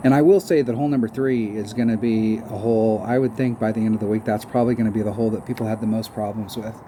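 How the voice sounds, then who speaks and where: A man offers rambling, self-mocking commentary on a mobile golf game, humming little tunes as he goes, with audible background noise. His voice is on the low side, fairly even in intonation, and quick.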